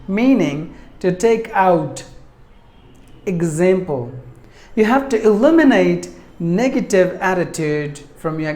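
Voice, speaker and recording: A man teaching English pronunciation, repeating each word and sounding it out syllable by syllable in a deliberate, instructive way. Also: high-pitched, a little mellow. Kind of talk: pronunciation lesson. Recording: echoey room.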